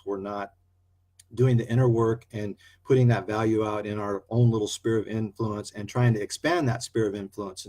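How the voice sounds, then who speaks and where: A man's voice: on the low side, a little mellow. A man from Idaho talking casually to his viewers in an upbeat, rambling way, with an Idaho drawl. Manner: chatty, upbeat, loose with many uh fillers. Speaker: vlogger. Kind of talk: casual talk to camera.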